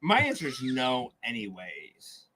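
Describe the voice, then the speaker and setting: A man's voice: medium pitch, huge pitch swings, a little slow, sharp tone, a little hiss or hum. A man in his forties co-hosting a casual podcast, joking, swearing a lot and filling his talk with "like". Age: 40s. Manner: joking, heavy swearing and filler "like". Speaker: podcast co-host. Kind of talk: casual chat.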